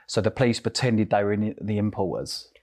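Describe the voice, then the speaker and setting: A man's voice: fairly low pitch, expressive, a little fast, darkish tone. A middle-aged man with an Essex accent, an interview guest telling his story animatedly and acting out the voices of others. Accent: Essex English. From England.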